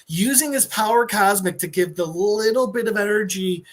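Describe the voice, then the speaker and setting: A man on a podcast excitedly retelling a comic-book story, restarting his sentences as he goes. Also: high voice, normal speed. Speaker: podcast co-host.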